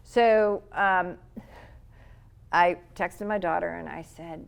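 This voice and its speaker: Middle-aged woman telling a lively story. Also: lowish voice, slow, gravelly, long pauses, smooth. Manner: storytelling, animated, acts out quotes. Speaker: podcast co-host. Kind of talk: casual chat.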